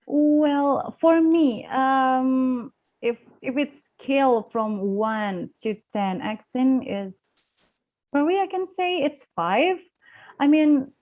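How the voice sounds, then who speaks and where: A woman's voice: fairly high pitch, lo-fi sound. Hesitant young woman with Indonesian accent. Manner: hesitant, many fillers and restarts. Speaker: guest speaker on English accents. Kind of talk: live online class discussion.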